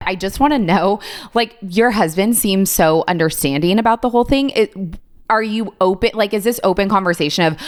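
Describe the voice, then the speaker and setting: Chatty mom asking rambling questions. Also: female voice, medium pitch, brisk. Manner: chatty, filler-heavy questions. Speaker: podcast co-host. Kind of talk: casual podcast chat.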